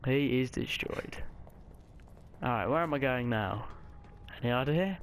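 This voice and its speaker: A man giving casual, chatty let's-play commentary, swearing often and reacting loudly to the game. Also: mid-range voice, expressive, a little slow. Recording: noticeable background noise.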